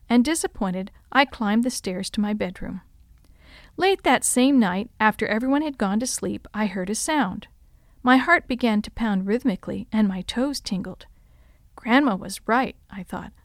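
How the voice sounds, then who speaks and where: A woman reading a story aloud in measured, expressive narration, dropping to a hush in tense passages. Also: fairly high pitch, no room sound, studio quality.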